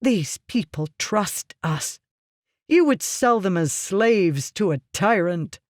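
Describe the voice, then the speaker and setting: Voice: medium pitch, expressive, slow pace, dry recording, studio quality, voice pushed up. An audiobook reader voicing a determined woman leader who speaks firmly and with indignation. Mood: indignant. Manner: firm, indignant. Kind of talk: audiobook character reading.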